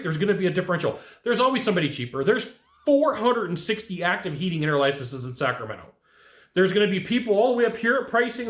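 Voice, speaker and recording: Animated man coaching, echoey room. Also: sits high. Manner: animated, acts out quoted dialogue. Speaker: sales trainer. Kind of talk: coaching talk to camera.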